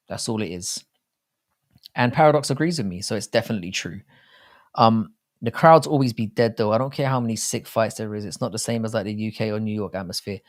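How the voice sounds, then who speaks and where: A British man talks through a live stream, his voice sitting a little low. He rambles loosely and swears freely, in a chatty, off-the-cuff way. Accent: British English. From Britain. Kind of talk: casual live chat.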